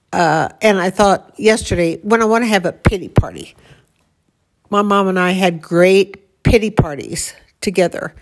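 Older woman reminiscing with laughs. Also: medium pitch. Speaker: grieving daughter recalling her mother. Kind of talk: casual conversation.

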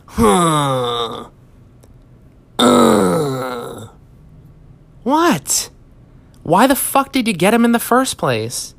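A man's voice: fairly high pitch, big pitch swings, extremely slow, vocal fry, long pauses. A man hosting a comedy podcast, delivering a profane, exasperated rant monologue. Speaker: podcast host.

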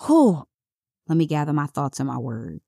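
A woman's voice: sits low, very animated, moderate pace, creaky, warm tone, no room sound, studio quality. Blunt, profane woman podcaster. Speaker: podcast host. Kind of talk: casual podcast monologue.

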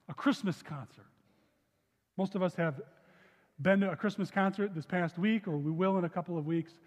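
A man preaching a sermon in a church, reading scripture in a lowered, softer voice and then speaking earnestly to the congregation. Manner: earnest preaching, dropping low and soft for scripture. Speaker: pastor. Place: church sanctuary. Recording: long hall reverb.

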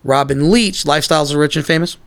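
Rambling man with a gravelly voice. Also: on the high side, fast. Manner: rambling storyteller, acts out quoted lines; swears freely. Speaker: podcast co-host. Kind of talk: casual chat.

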